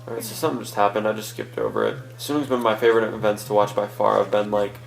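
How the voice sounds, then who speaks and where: A man's voice: lowish voice, lively intonation, quick pace, gravelly, soft background music, rough recording. A young man hosting a let's-play, chatting casually and rambling through a story with many fillers. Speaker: gaming channel host.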